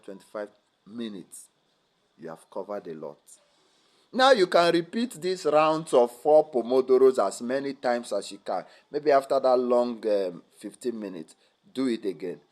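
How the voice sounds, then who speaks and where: Lively man giving a study seminar. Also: medium pitch. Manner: lively, teasing, asks the audience rhetorical questions. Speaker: guest speaker at a student seminar. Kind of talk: motivational academic seminar talk.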